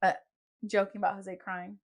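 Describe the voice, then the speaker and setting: A woman's voice: medium pitch, normal speed, gravelly. A young woman hosting a podcast, telling stories in a casual chat and acting out the people she quotes. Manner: animated storyteller, acts out quotes. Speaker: podcast host. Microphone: podcast microphone.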